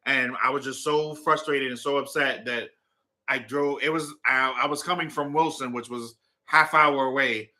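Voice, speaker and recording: A man's voice: mid-range voice, fairly even intonation, moderate pace, sharp tone. A man hosting a casual chat, playfully teasing his wife while he tells stories. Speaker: host.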